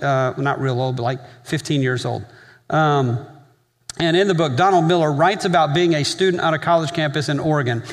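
Man, pastor, sermon, storytelling then praying, slightly high voice, long church reverb. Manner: storytelling, then leading a prayer.

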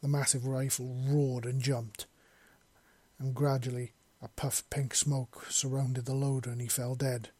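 A man reading a war story aloud, narrating and voicing the dialogue, shouting in the grief scenes. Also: mid-range voice, level tone, measured pace, dry recording.

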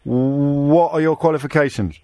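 A man hosting a radio phone-in, joking and teasing his callers in quick banter. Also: fairly high pitch, steady tone, mellow, no echo. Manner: teasing, jokey. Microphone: studio mic.

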